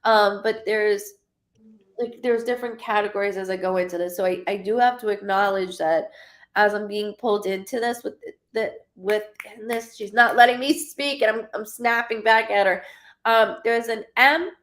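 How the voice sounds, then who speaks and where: A woman in her thirties giving a live-streamed psychic reading, halting and stuttering, often repeating words as she searches. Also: medium pitch, fairly bright tone. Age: 30s.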